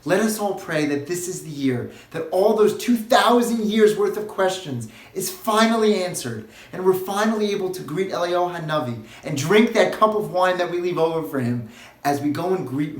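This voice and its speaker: Earnest rabbi with an echoey sound. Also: male voice, fairly high pitch, expressive, normal speed. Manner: earnest, building to impassioned pleading questions. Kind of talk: short recorded sermon. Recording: roomy echo, faint music.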